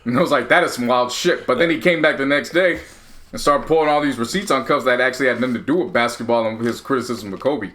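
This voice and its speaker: A man co-hosting a casual sports podcast, telling stories animatedly and laughing often. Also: medium pitch. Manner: animated storytelling, quick retorts, laughs often. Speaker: podcast co-host. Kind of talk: casual chat.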